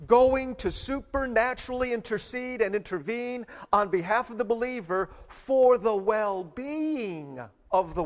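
Man preaching a sermon in a reverberant hall. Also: high voice. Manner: storytelling, rising to emphatic preaching. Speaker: pastor.

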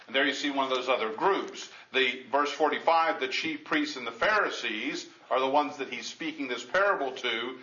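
A man's voice: medium pitch, normal speed, few pauses, bright, forceful tone. A man preaching a Bible-teaching sermon in a conversational way, with frequent restarts, reading scripture aloud in old formal wording. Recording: echoey, dull lo-fi room recording.

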